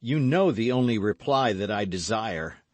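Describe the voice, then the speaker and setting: A passionate young swordsman bursts out with eager, exclamatory lines, his voice swinging high and lively, played by a male audiobook reader. The recording is dry. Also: normal speed, no echo, natural voice. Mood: ardent, eager. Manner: impassioned, exclamatory.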